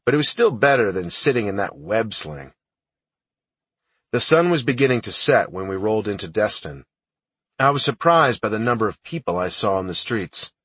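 A man narrates an audiobook in the first person, matter of fact and unhurried. His voice is a little low and husky. It is recorded close and dry, with no room sound at all. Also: big pitch swings, a bit bright, dry recording, recorded from a distance. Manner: plain, matter-of-fact storytelling.

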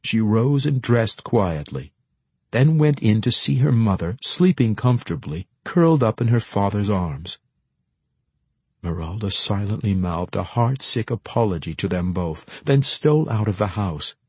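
Expressive male narrator, husky and deep-ish, close dry sound. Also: a little slow, no room sound. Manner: expressive storytelling reading. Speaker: audiobook narrator. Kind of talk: scripted narration.

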